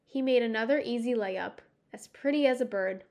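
A woman narrating a children's sports story in a measured, expressive storytelling way. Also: a little high, gravelly. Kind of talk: audiobook narration.

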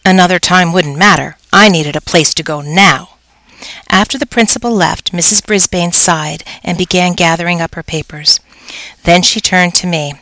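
A woman narrating a children's story aloud in first person, expressive and storytelling. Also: lowish voice, moderate pace, dry recording, low-quality recording. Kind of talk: audiobook narration.

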